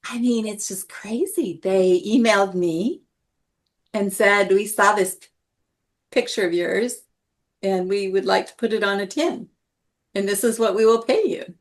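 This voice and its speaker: A middle-aged woman, an artist guest in an interview, telling stories in a lively, animated way. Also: a little slow. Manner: lively, animated anecdotes with big pitch jumps. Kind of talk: casual interview storytelling.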